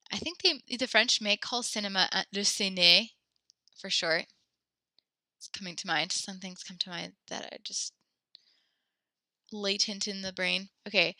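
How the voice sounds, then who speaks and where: A woman's voice: mid-range voice, fairly even intonation, measured pace, long pauses, sharp tone, dry recording, studio quality. Chatty woman teaching an online class. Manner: casual, chatty, self-correcting, encouraging. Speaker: French teacher.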